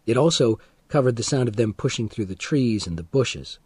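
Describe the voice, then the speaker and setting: A man narrating an audiobook of a graded reader in a slow, deliberate and expressive style. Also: mid-range voice, husky, no echo.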